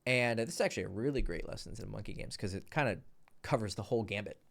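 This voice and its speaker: A man, a dating coach, telling a story casually, animated, laughing and swearing freely. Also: lowish voice, quick pace, creaky.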